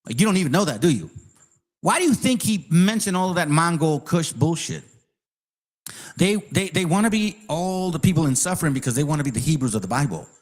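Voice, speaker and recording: A man rants heatedly in a voice that sits a little high for a man. He swears freely and slips into sarcasm as he argues his point, talking straight to his viewers. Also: animated, brisk. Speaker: channel host. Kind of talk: ranting commentary.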